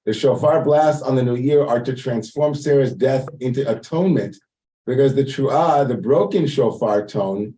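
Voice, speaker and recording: A man's voice: mid-range voice, warm tone, recorded from a distance, low-quality recording. A man leading a Torah study lesson, translating Hebrew lines and explaining them in an informal way with many asides. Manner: explains Hebrew text line by line, translating as he goes. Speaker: teacher leading text study.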